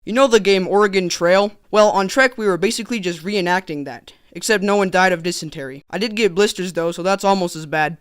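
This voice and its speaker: A teenage young man narrating a comedic storytime vlog in a sarcastic, animated, joking manner. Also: sits high, fairly quick, few pauses, clear, resonant tone, dry recording, studio quality. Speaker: vlogger.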